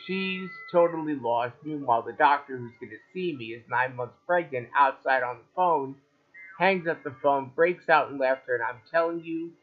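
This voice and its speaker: A man's voice: medium pitch, moderate pace. A man doing stand-up, telling wry stories about doctor visits and voicing the people in them. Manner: wry, deadpan storytelling with acted-out quotes. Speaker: stand-up comedian. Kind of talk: stand-up storytelling. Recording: tinny phone-like live video with faint music.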